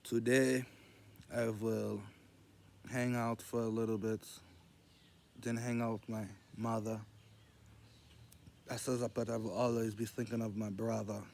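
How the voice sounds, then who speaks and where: A man telling rambling jokes in casual storytelling, meandering and loose as he quotes others in a low murmur. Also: little pitch movement, unhurried, gravelly, long pauses, a little mellow, a little hiss or hum.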